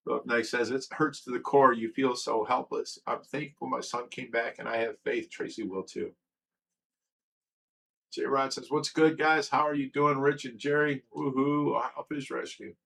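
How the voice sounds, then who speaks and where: A man's voice: medium pitch, steady tone, measured pace, vocal fry, fairly bright tone, a little hiss or hum, rough recording. A man hosting a casual livestream, reading viewer comments aloud and answering them in an earnest, emotional way. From Ohio. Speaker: livestream host reading chat.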